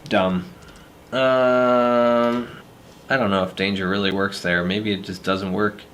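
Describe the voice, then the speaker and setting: A man's voice: fairly low pitch, fairly even intonation, slow, fairly bright tone. A man talking to himself in a playful, self-mocking way while recording sound effects for a video. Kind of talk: casual self-talk while working.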